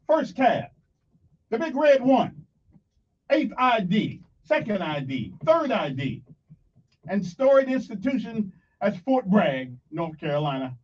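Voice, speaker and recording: A man hosts a morning radio show in a high, lively voice. He jokes and talks straight to his listeners. The sound is dull and lo-fi, as if from a little way off the mic. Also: slightly rough, recorded from a distance.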